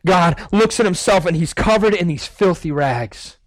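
A man's voice: sits high, animated, normal speed, no echo, low-quality recording. A male guest preacher giving a sermon, telling a story vividly and acting out the scenes.

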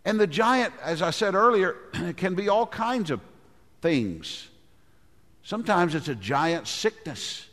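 A male pastor preaching a dramatic sermon, often clearing his throat and dropping low when he speaks as the giant. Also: sing-song, takes it slowly, a bit bright. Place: church sanctuary. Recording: long hall reverb.

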